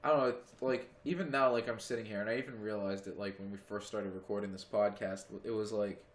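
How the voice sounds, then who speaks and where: A man's voice: lowish voice, fairly even intonation, quick pace. Rambling, swearing podcast guy, roomy sound. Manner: rambling, heavy use of "like", swears freely. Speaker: podcast co-host. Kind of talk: casual chat. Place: friend's home.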